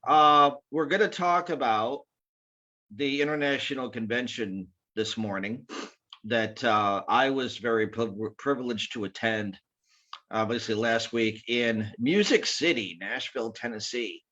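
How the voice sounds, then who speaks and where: A man's voice: medium pitch, a little slow, bright, forceful tone. Joking man on a dull video call. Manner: joking, self-deprecating, rambling with fillers. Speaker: co-host and club growth director. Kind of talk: casual online show chat.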